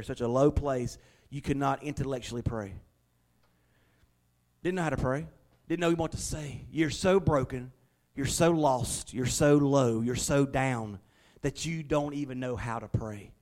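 A male pastor, preaching a sermon in a folksy, conversational way and leaning on slowed, emphatic stresses. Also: mid-range voice, darkish tone. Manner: emphatic, with slowed dramatic stresses and acted-out prayers.

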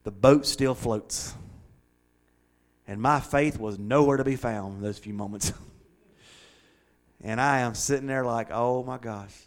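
Male preacher delivering a sermon, emphatic, repeats lines for effect, mid-pitched voice that climbs high and loud when fired up. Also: moderate pace. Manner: builds to loud high-pitched excitement at times.

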